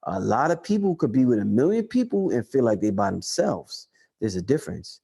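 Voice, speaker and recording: A man hosting a casual livestream chat, talking loosely and profanely, repeating lines for emphasis and rising to excited highs. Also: a little fast, creaky, slightly rough. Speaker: livestream host answering chat.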